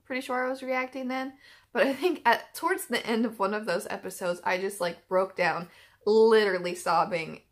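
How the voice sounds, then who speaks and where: A woman's voice: medium pitch, normal speed. A woman hosting a reaction channel, chatting casually and emotionally, with lots of filler words and restarts. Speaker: YouTube reaction channel host. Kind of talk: casual chat.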